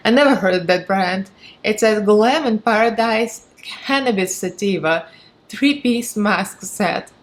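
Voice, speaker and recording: A woman with a Russian accent giving a chatty, frank and sarcastic product review, laughing often. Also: medium pitch. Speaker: beauty vlogger.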